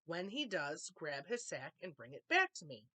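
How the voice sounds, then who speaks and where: A woman voicing a clever, bold young female unicorn in a storybook read-aloud, speaking calmly and firmly. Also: low-pitched, moderate pace, heavily acted. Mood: instructing. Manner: calm, confident, firm.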